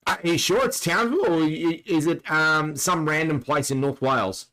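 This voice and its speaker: A man co-hosts a casual podcast, his voice sitting fairly high. He jokes wryly and laughs often as he talks. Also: normal speed, bright, forceful tone, rough recording. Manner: laughing, wry, joking. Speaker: podcast co-host.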